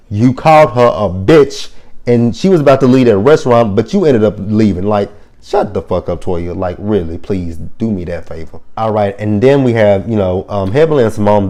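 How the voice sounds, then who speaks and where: A man giving a casual review of a reality TV episode, blunt and profane, rambling and often correcting himself. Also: medium pitch. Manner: blunt, profane and animated when annoyed; rambling with frequent self-corrections. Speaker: reality TV recap host.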